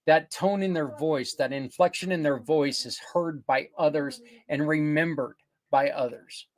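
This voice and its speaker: Older male podcast host, higher-pitched, earnest and rambling, casual promotional delivery with self-corrections. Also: a little slow.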